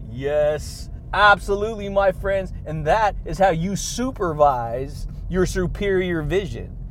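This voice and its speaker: Male podcast host, high-pitched, exuberant motivational delivery full of laughs and catchphrases. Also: slight background noise. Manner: exuberant, laughs between phrases, drawn-out catchphrases.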